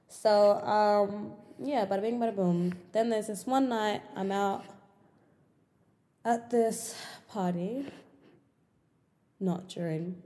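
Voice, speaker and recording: A young woman hosting a podcast, telling a personal story in casual chat, swearing and getting animated when exasperated. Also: slow pace, pauses often, in a large hall. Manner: animated, swears often, frequent pitch jumps when exasperated. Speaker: podcast host.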